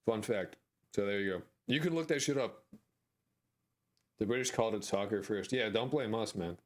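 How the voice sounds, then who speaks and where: A man's voice: fairly low pitch, moderate pace. Crude, rambling American man streaming. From United States. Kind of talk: casual live-stream chat.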